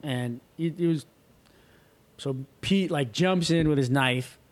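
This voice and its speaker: A man's voice: on the high side, takes it slowly. A man who surfs, telling a wild story in casual chat, acting out the voices of the people in it and swearing freely. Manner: animated, acts out quoted voices, swears freely. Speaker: guest.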